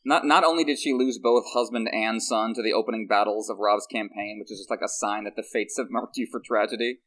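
A man co-hosting a podcast, talking through a book chapter in casual, animated analysis with frequent restarts. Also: fairly low pitch, fairly quick. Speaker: podcast co-host.

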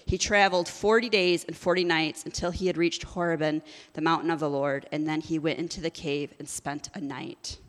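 A woman's voice: fairly low pitch, in a large hall. A woman preaching a sermon, mixing scripture reading with casual, joking asides. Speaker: pastor.

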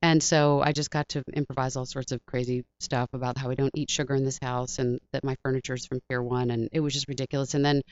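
A woman voice actress telling animated stories as a guest in a casual interview, heard on a dull lo-fi recording. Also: very deep voice. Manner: animated, fast storyteller.

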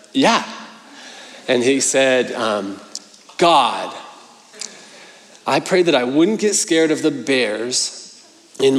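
A man in his thirties delivers a relaxed sermon, telling stories in a chatty, self-mocking way with plenty of fillers. His voice sits in an ordinary middle pitch. A long hall reverb trails behind every phrase. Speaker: pastor. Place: church hall.

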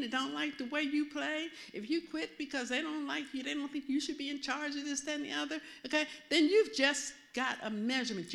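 A woman minister giving a sermon in an animated, conversational way, often asking her listeners questions. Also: sits high.

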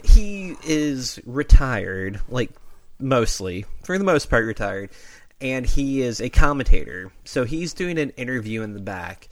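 A man of middle pitch talks through old wrestling stories with a co-host, excited and loose, leaning on "like" as he goes. The mic is close and dry, with almost no room sound. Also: measured pace, no echo. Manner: enthusiastic, fillers like "like". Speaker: podcast co-host. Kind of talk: casual chat, retelling wrestling history.

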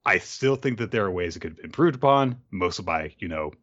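A man's voice: sits low, lively intonation, fast, fairly bright tone, muffled recording. Dry, sarcastic male podcast critic. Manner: analytical, dryly sarcastic. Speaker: podcast co-host. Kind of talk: casual chat.

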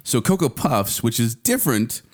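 A middle-aged man co-hosting a podcast in casual, playful chat, quick to laugh. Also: medium pitch, big pitch swings. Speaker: podcast co-host.

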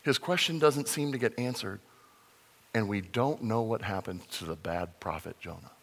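A man preaching a conversational sermon as a pastor, animated and sometimes acting out the voices in the story. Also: on the low side, moderate pace, in a large hall. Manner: conversational, animated, acts out voices in his retelling.

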